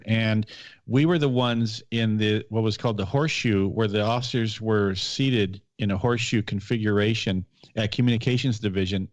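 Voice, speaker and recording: A man's voice: lowish voice, darkish tone, dry recording. A middle-aged man, a podcast host and former police officer, telling a detailed story in casual chat with frequent restarts. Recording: dull, dry podcast audio.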